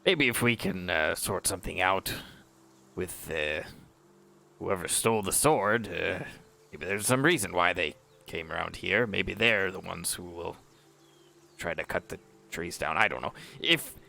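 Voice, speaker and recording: A man at a tabletop game with a low, gravelly voice. He speaks slowly and hesitantly, politely feeling his way through each sentence with a bright edge. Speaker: player. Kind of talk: casual tabletop play.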